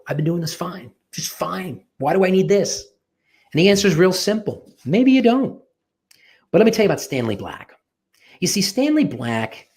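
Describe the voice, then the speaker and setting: A middle-aged man pitches his coaching program in a casual, persuasive way. He leans on folksy anecdotes and says key phrases twice to drive them home. His voice sits at an ordinary pitch for a man. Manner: persuasive, conversational, repeats phrases for emphasis; tells anecdotes in a folksy, informal way. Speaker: personal branding and sales coach. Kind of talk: webinar sales pitch.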